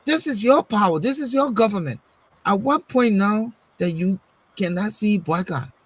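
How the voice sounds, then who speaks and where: A man's voice: high-pitched, expressive, moderate pace, breathy edge, dry recording, rough recording. A man, arguing politics on a talk show, pressing rhetorical questions and repeating words as he searches for the next thought. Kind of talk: casual political discussion.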